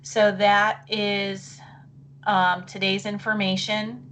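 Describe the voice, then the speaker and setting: A middle-aged woman presenting a live online session for teachers. She talks in a chatty, apologetic way and thinks aloud while clicking through. Her voice wavers and she keeps clearing her throat. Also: medium pitch, little pitch movement, takes it slowly, a bit bright, slight background noise.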